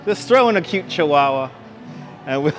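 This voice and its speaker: A man's voice: on the high side, expressive, moderate pace, fairly bright tone, soft background music. A man with a New York accent hosting a casual live-streamed walking tour, chatting with viewers and reading out signs. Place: outdoor city walkway at evening. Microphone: wireless clip-on mic.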